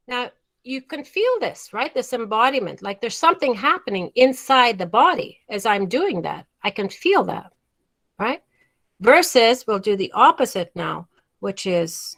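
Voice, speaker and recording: A woman's voice: a little high, lively intonation, normal speed, a bit bright. A woman leads a storytelling workshop over a video call, with an emphatic manner. She drags out words she wants to stress and often restarts her phrases as she explains. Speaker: storytelling teacher.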